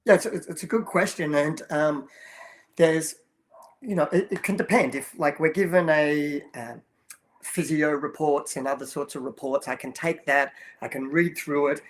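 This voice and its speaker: A man's voice: a little high, moderate pace. A man in his sixties, a coach guest, telling stories in an earnest, casual way with frequent restarts. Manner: storytelling, earnest, many restarts and you-knows. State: choked up while telling a story. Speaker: guest, children's movement program coach. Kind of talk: casual interview talk.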